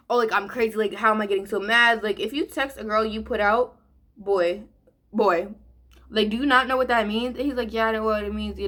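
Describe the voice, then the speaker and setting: A teenage girl telling a story in a chatty, animated way, with a lot of slang, while doing her makeup. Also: fairly high pitch. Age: teens. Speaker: vlogger. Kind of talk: casual story time during a makeup tutorial.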